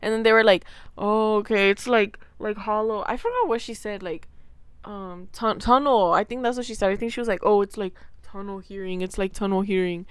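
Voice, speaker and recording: A woman in her twenties telling a story to camera in a casual, animated way, full of fillers, swearing and acted-out quotes. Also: mid-range voice, a little fast, clear, resonant tone, no room sound. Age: 20s. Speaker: vlogger.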